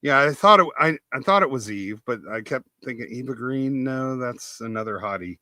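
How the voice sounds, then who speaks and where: A man's voice: mid-range voice, animated, moderate pace, sharp tone. An older American man in a casual podcast chat, wry and self-deprecating. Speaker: podcast co-host.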